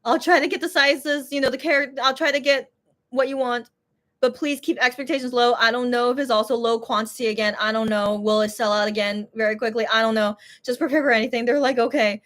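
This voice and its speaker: A woman's voice: a little high, brisk. Exasperated woman recounting a shopping fiasco. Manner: animated, exasperated retelling with restarts. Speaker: shop owner telling a story. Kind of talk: casual storytelling chat.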